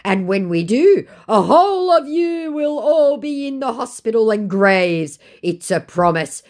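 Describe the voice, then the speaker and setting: A woman voicing a cocky, menacing male online scammer, read out in a slow, drawn-out, mocking way. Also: on the high side, big pitch swings, darkish tone, voice pushed up.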